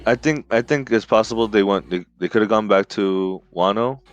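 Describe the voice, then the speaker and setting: A man's voice: lowish voice, normal speed, no echo, lo-fi sound, faint music behind. A man co-hosting a podcast in casual chat, talking over the others and restarting his sentences. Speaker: podcast co-host.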